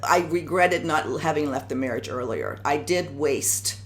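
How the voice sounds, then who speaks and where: A woman's voice: low-pitched, expressive, unhurried, a little hiss or hum. A woman over fifty hosting a show, talking about her own past in a hesitant, reflective way. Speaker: show host and founder. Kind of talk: casual personal talk.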